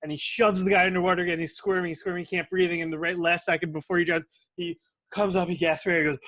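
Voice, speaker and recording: A young man hosting an interview, telling stories in an energetic, animated way. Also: high voice, fast, dry recording. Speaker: host. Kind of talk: interview with storytelling.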